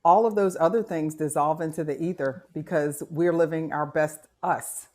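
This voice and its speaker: A woman's voice: low voice, moderate pace, a little mellow. A woman on a video call, chatting effusively and with enthusiasm in casual conversation. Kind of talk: casual chat.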